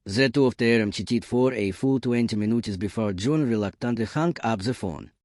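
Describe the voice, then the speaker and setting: A man calmly narrating a first-person story in an even storytelling manner. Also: medium pitch, normal speed, no room sound, clean studio sound.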